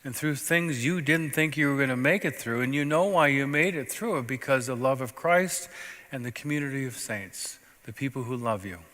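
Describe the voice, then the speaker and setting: A male pastor delivers a story-driven sermon in a bright, forceful voice. He preaches conversationally, swinging from loud outbursts to near-hushed asides. His voice rings out with the long reverb of a church sanctuary. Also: medium pitch, normal speed.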